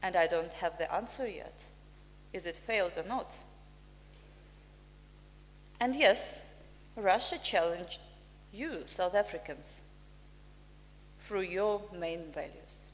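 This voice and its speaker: A woman from Ukraine, an ambassador giving a formal prepared speech in slow, deliberate, emphatic phrases. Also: on the low side, a little hiss or hum. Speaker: ambassador, guest speaker. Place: press club function room. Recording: reverberant hall.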